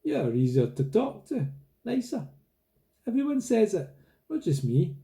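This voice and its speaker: Husky, blunt teen girl who chews gum, pitched up high, as a male narrator puts her on; storybook reading. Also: very animated, a little slow, dark tone, full character voice. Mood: offhand. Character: tough-talking teenage girl in heavy makeup.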